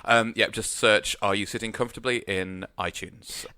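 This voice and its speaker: A man's voice: lowish voice, steady tone, moderate pace, sharp tone, no echo. A man co-hosting a podcast in a radio studio, rambling casually with lots of hesitant fillers. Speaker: podcast co-host. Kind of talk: casual chat.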